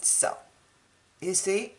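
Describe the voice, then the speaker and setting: Slow-talking crafting woman, non-native English. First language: not English. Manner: chatty and self-deprecating, laughs often. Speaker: craft channel host. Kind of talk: casual crafting tutorial chat.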